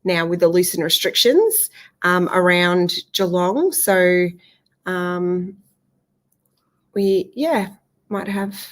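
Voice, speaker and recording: A woman's voice: lowish voice, slow, pauses often. A woman co-hosting a church livestream, talking casually with lots of fillers. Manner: chatty, many ums and fillers.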